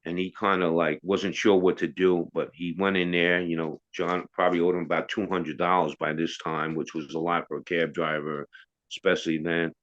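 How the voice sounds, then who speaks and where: A man's voice: deep voice, fairly even intonation, moderate pace, a bit bright. A middle-aged man telling a story as an interview guest, casual and rambling, with restarts and asides. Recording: dull lo-fi sound.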